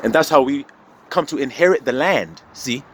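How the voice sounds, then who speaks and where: Man, preachy sermon, lively pitch swings, laughs between points, faint background noise. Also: moderate pace. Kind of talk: street sermon.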